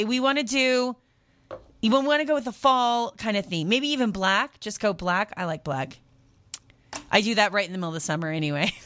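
Middle-aged woman, radio deals host, mid-pitch voice, dry close sound, upbeat, gabby. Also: fairly bright tone, dry recording. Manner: chatty, upbeat, tangents with laughs. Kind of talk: casual radio deal segment. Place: radio studio.

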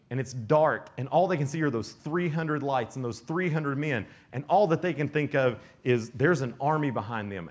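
A man in his thirties, a youth pastor telling a lively camp sermon story full of acted-out voices. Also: mid-range voice. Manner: animated, acts out characters, many "like"s.

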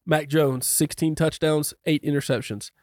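Deadpan man reading stats, dry sound. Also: a little high, normal speed, dry recording. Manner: deadpan, reads stats methodically. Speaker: podcast co-host. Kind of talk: casual chat.

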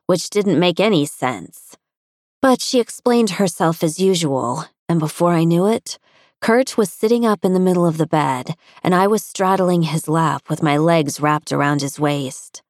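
A young woman reads a first-person romance in an intimate, confessional tone. Her voice is low-pitched, and the recording is dry and close with no room echo. The delivery stays personal and inward. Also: lively intonation, measured pace. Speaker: audiobook narrator.

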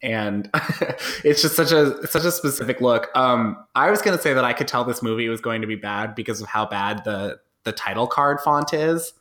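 A man's voice: mid-range voice, lively intonation, normal speed, a bit bright, reverberant. A man as a podcast guest, chatting casually about a movie and laughing often.

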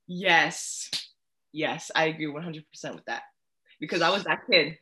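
A woman's voice: deep voice, moderate pace, bright, forceful tone. A young woman, a poet guest on a podcast, chatting casually and speaking out emphatically. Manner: outspoken and emphatic. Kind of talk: casual chat.

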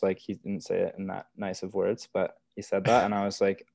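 A man's voice: deep voice, level tone, moderate pace, creaky, a little mellow, no room sound. A young man telling stories from his work as a wilderness therapy guide in casual, earnest podcast talk, full of "like" and "you know". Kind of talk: casual conversational storytelling.

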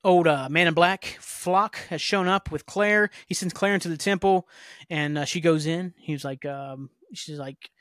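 A man's voice: fairly high pitch, measured pace, a bit bright, dry recording, clean studio sound. A man hosting a podcast, casually recapping a TV episode in a rambling way, with many fillers. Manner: rambling, filler-heavy storytelling. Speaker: podcast host.

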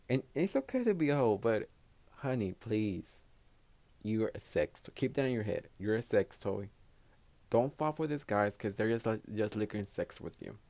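Gravelly low-voiced man, blunt and profane. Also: mellow. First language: Spanish. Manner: blunt, profane, rambling advice-giving. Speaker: podcast host. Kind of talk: casual solo podcast monologue.

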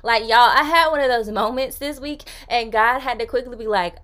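A woman's voice: a little high, moderate pace, fairly bright tone. A young woman hosting a faith-based podcast, talking in a chatty, upbeat way with casual slang. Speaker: podcast host.

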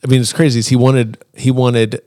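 A man hosting a podcast, casually retelling a Bible story and acting out the characters' lines in quick voices. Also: mid-range voice, flat delivery, warm tone, dry recording. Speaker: podcast host.

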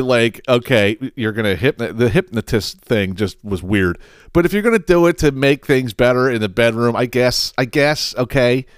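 A man hosting his own podcast, telling a story in a casual, profane and animated way, acting out the quotes. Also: medium pitch, smooth, no room sound, studio quality. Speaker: podcast host.

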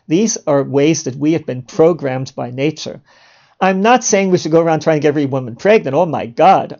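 A man's voice: a little high, vocal fry, mellow, muffled recording. A man hosting a podcast, delivering a provocative monologue in a sarcastic, mock-indignant way and chuckling at his own jokes. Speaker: podcast host.

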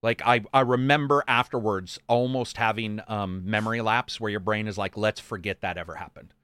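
A man's voice: fairly low pitch, steady tone, normal speed, fairly bright tone, clear, resonant tone, no room sound. A man in casual chat, telling jokey, profane stories and acting out quotes.

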